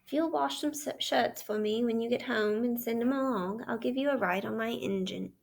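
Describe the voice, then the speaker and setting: Woman reading a steady, stern-but-kind engine driver; high, gravelly, storybook read-aloud. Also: moderate pace. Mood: kindly.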